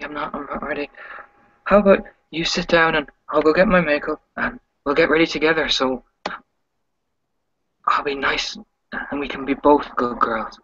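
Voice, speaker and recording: A man's voice: a little high, fairly bright tone, husky, no room sound, lo-fi sound. A man voicing a fragile, troubled young woman who talks in a shaky, hollow, tearful voice, often whispering.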